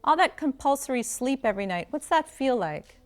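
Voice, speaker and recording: A woman reading the part of a deadpan young kitchen worker in a novel excerpt, keeping his lines dry and understated. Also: high voice, fairly quick.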